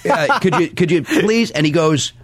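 Animated man telling a rambling story. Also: high voice, moderate pace, slight background noise. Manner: animated, self-deprecating, many restarts and fillers. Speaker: guest. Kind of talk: casual storytelling.

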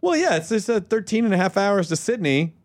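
Lively-voiced man in podcast banter. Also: high-pitched, brisk. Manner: jokey, lively, deadpan asides. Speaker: podcast host. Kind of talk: casual podcast chat.

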